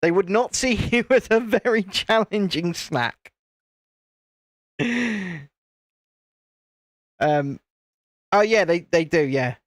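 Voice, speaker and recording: British man, high voice, live-stream host, chatty, jokey, dry close sound. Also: expressive, slow, long pauses, dry recording. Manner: chatty and jokey, laughs often, restarts sentences. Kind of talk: casual chat while building, answering viewer comments.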